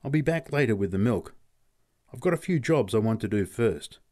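A man's voice: fairly low pitch, expressive, moderate pace, a little mellow, close to an everyday voice. A man voicing a short-tempered older milk carter who barks and swears. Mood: sheepish. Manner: curt, snapping, swearing.

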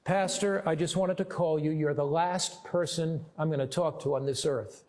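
A male preacher voicing a despairing young woman on the phone, speaking in a quiet, halting confession during sermon storytelling. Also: a little high, fairly even intonation, lightly acted.

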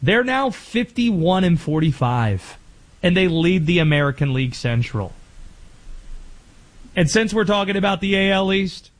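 A man hosting a sports talk radio show, energetic and joking, recorded in a radio studio. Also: sits high, a little slow. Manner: energetic, joking, slips into playful impressions.

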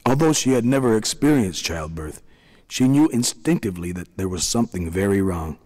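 A man narrating a story in a calm, measured way. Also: fairly low pitch. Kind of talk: scripted narration. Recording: long reverb.

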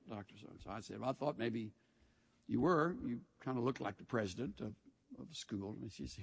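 A man delivers a sermon from the pulpit, his voice a little husky. He preaches with folksy storytelling and dry humor. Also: medium pitch, lively intonation, fairly quick. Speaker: pastor.

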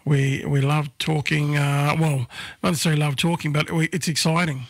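A man hosting a breakfast radio show with a hoarse, croaky voice, chatting casually and rambling with many fillers. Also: on the high side, level tone, moderate pace, no echo, studio quality.

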